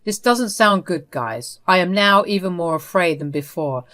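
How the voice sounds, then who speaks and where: A woman narrating a first-person story in an even, steady reading voice. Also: lowish voice, moderate pace.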